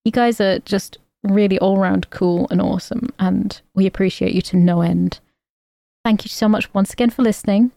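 A woman's voice: mid-range voice, fairly even intonation, moderate pace, gravelly, dark tone, no echo. A woman co-hosting a casual podcast, giggly as she reads out thanks to supporters. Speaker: podcast co-host. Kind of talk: casual chat.

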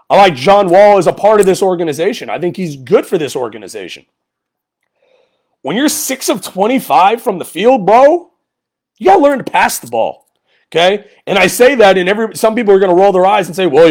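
A man with a high-pitched voice hosts a solo sports podcast. He rants in frustration, sarcastic and repetitive, his voice rising even higher as he gets worked up. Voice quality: voice goes high when angry. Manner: frustrated, sarcastic, repeats a player's name for emphasis. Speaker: podcast host.

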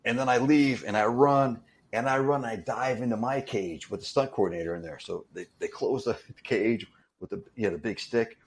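Man, mid-pitched, casual anecdote teller who stumbles and restarts. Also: moderate pace. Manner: animated anecdote-telling with repeated restarts. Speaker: interview guest, stuntman. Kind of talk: casual storytelling.

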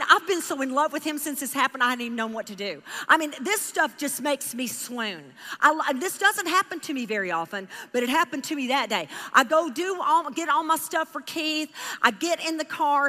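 A woman from Texas telling a story in a sermon, animated and emotional, speaking straight to her audience. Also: high voice, long reverb tail. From Houston, Texas. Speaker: Bible teacher.

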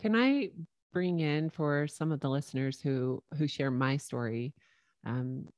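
A woman hosting an interview, gentle and affirming as she listens. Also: low voice, unhurried, no room sound. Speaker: podcast host. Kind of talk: interview conversation.

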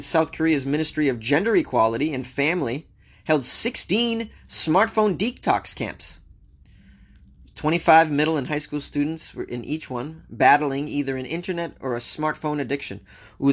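Expressive and on the high side, a man from the United States hosts a news show at a moderate pace. He reads items aloud, then riffs on them with wry humor, chatting back to the news casually.

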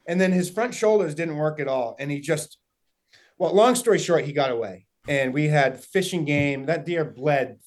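A man's voice: a little high, darkish tone. A young man, a guest, telling a story in casual chat, rambling with lots of fillers and quoted dialogue. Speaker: guest hunter.

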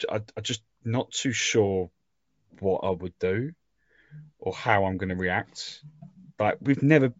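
A young man with a very low voice talks in casual podcast chat, rambling, self-deprecating and openly emotional. The sound is dry and close, a little dull in the highs. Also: no echo. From England. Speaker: podcast co-host.

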